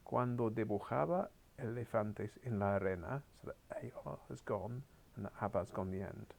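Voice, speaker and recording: A Spanish teacher with a low, gravelly voice coaxes beginners through their work in what sounds like a school classroom. He speaks at a moderate pace in a slightly mellow tone, adding wry asides and sometimes dropping to a muttered whisper.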